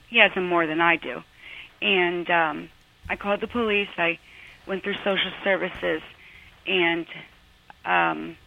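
Caller, female, hesitant and emotional, gravelly edge, tinny phone line, dry. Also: fairly low pitch. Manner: hesitant, many ums, emotional. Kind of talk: phone-in call to advice show.

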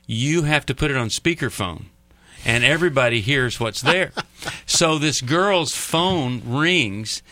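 A man's voice: medium pitch, expressive, takes it slowly, sharp tone, no echo. A man hosting a radio talk show from a studio, chatting and telling stories with lots of fillers. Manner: chatty, storytelling with many fillers. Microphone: studio microphone.

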